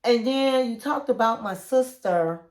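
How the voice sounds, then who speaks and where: A woman acting out a calm young man who hesitantly explains himself to his girlfriend. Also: on the high side, unhurried, roomy sound. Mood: earnest.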